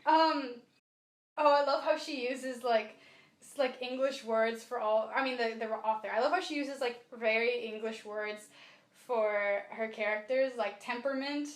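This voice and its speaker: A woman co-hosting a podcast, chatting casually about a book in an animated way with lots of fillers. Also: on the high side, measured pace. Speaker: podcast co-host. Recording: echoey room.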